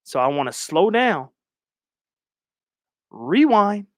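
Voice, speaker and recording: A man's voice: on the high side, expressive, normal speed, a bit bright, no room sound, clean studio sound. A man hosting a stream and giving casual, blunt, profane reaction commentary. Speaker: streamer host.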